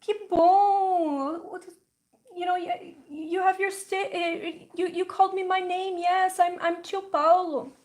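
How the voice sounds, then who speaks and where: A woman voicing her doting older uncle in a quoted story, soft and affectionate. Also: very high voice, fairly even intonation, slow, voice pushed up.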